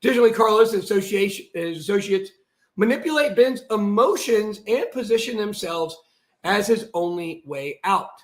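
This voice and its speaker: A man on a live stream, reading a document aloud and breaking into heated, shouted asides. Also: sits high, expressive, normal speed, roomy sound. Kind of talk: livestream monologue reading out a document.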